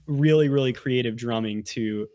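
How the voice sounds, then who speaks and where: Animated rambling male podcast guest. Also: mid-range voice, moderate pace, no room sound, studio quality. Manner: animated, rambling, lots of "like" and restarts. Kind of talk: casual conversational interview.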